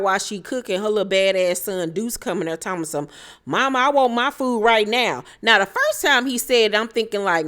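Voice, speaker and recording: A woman's voice: mid-range voice, a bit bright. A woman recapping a reality TV episode in casual commentary, blunt and profane, gossiping and laughing as she goes.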